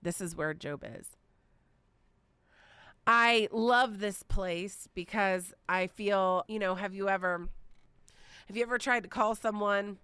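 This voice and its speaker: A woman in her forties hosting a casual Bible teaching podcast, chatty and expressive, with playful asides. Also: medium pitch, slow pace, long pauses, clear, resonant tone, dry recording. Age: 40s.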